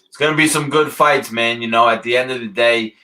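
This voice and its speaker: Laid-back man with a bright voice. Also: medium pitch, brisk. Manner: laid-back, swears casually. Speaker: podcast co-host. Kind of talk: casual chat.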